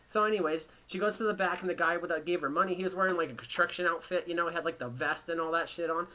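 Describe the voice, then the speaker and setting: A man's voice: a little high, steady tone, fast, pushed and bright. A man hosting a podcast, telling a rambling, profane story in casual chat. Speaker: podcast host.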